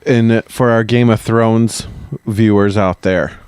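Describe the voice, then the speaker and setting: A male podcast co-host with a fairly low voice throws in jokey, rambling asides during a casual chat. The recording is dry, with very little room sound. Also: steady tone, slow, a little mellow, smooth, no echo.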